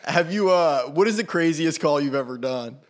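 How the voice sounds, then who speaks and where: A man's voice: fairly high pitch, lively intonation, moderate pace, slight background noise. A man hosting a podcast, asking questions in a chummy, easygoing way. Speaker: podcast host. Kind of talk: casual chat.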